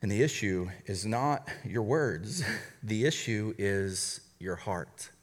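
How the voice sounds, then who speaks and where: A man who is a college pastor, preaching a conversational sermon with quick asides and light humor. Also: on the low side, expressive, long reverb tail.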